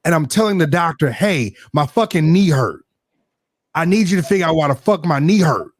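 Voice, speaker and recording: A fairly high-voiced man talks briskly as a podcast guest, telling a candid, profane story on a casual talk show. He's animated and plays out the quoted back-and-forth himself.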